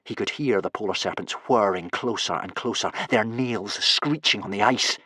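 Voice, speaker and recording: A man reading a children's adventure audiobook with expressive storytelling. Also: on the low side, moderate pace, no echo, clean studio sound. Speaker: audiobook narrator. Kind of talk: scripted narration.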